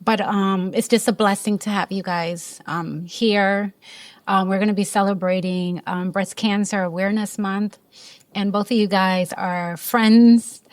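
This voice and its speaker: A woman's voice: medium pitch, steady tone, a little slow. Effusive, emotional woman podcast host. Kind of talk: casual interview.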